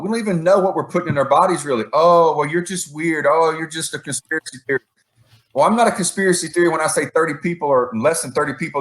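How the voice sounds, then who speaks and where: A man co-hosting a podcast as the coach, ranting in casual chat and counting off his points. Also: a little high. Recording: echoey room.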